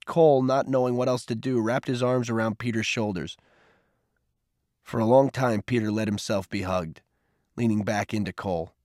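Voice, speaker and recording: A man narrating a novel in a measured storytelling voice. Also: fairly low pitch, fairly even intonation, a little mellow, dry recording, studio quality. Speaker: audiobook narrator. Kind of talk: scripted narration.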